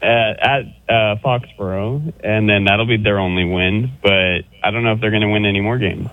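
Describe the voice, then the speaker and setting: A man's voice: lowish voice, steady tone, normal speed. A man calling in to a sports radio show, needling the host with jokes. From Southern California. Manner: needling, joking, laughs at own jokes. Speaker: caller. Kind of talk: call-in radio banter. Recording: phone line.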